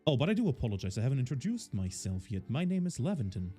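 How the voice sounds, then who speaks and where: Man reading a fussy professor, formal, lively pitch, faint game music. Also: fast talker, husky. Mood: fussy politeness. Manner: courteous, old-fashioned formal phrasing. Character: fussy, polite male professor, middle-aged. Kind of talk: reading game dialogue aloud in character.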